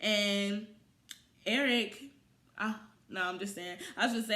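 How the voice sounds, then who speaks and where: A young woman telling a storytime vlog in a sassy, animated way, getting loud and fast when she quotes herself. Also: medium pitch.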